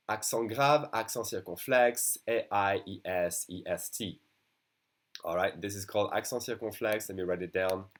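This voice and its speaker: Deep-voiced man teaching French. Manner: explains slowly, repeats French words for students. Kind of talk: beginner language lesson.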